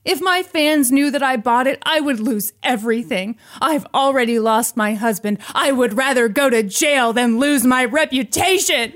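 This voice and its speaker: A woman voicing a dramatic young female fitness celebrity with a loud, melodramatic delivery. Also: a little high, slow pace. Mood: desperate.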